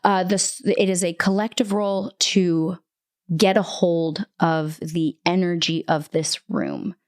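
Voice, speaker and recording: A woman narrating as game master, telling the scene with lively storytelling and plenty of fillers and restarts. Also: lowish voice, takes it slowly, no echo, clean studio sound.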